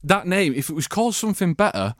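A man co-hosting a casual podcast chat, talkative and laughing often, his voice jumping up when he gets excited. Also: high-pitched, quick pace, dry recording, clean studio sound. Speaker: podcast co-host.

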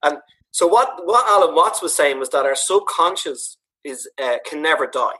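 Comedian, man, husky voice, chatty, animated storyteller. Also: fairly high pitch, moderate pace. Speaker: podcast co-host, comedian. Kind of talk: casual chat.

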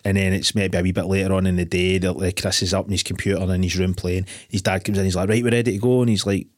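A man's voice: low-pitched, level tone, fast, dry recording, studio quality. A man, co-hosting a casual film podcast, swearing and laughing as he retells scenes. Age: 40s. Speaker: podcast co-host. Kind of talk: casual chat.

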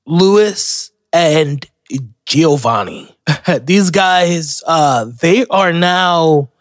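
A man's voice: fairly high pitch, animated, extremely slow, no room sound, studio quality. A young man hosting a podcast, telling rambling, profane stories in a casual solo monologue. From Florida. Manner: rambling, profane, self-interrupting storyteller. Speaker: podcast host.

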